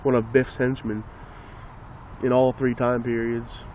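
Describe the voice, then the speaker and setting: A man's voice: medium pitch, level tone, unhurried, darkish tone, a little hiss or hum. A man ranting casually and sarcastically into a phone, rambling and swearing as he talks. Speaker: vlogger.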